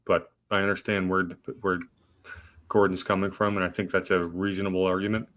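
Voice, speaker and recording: A man co-hosting a political livestream, talking quickly in a very low voice. He jokes and cuts in often as the discussion runs. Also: little pitch movement, a bit bright. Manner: joking, interjecting. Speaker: livestream co-host.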